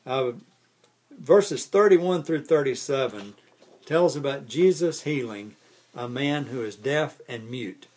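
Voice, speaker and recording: A man's voice: medium pitch, takes it slowly, a little mellow. A man pastor giving a casual, conversational Bible study, often restarting words and chuckling lightly as he explains.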